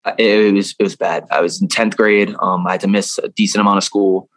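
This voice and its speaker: A man's voice: deep voice, flat delivery, fast, no echo. A young man telling a personal story in a casual interview, rambling and cursing freely, laughing now and then. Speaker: guest.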